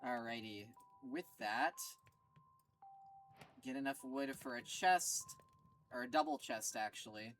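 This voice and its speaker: A woman streaming a game, reacting in an excitable, foul-mouthed way and laughing often. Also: a bass voice, unhurried, pauses often. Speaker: gaming streamer. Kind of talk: casual let's-play commentary. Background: game music.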